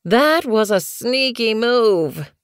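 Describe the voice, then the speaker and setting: A woman's voice: on the low side, animated, no room sound, clean studio sound, lightly acted. A woman voicing a cocky young she-cat apprentice who teases her denmate, in an audiobook. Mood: teasing. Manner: slow, teasing, loud. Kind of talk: audiobook character voice.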